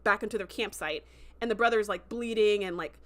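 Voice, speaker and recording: A woman's voice: medium pitch, a little fast. A woman hosting a casual livestream review, telling the story in an emotional, chatty way and acting out the quoted lines in voices. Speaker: host.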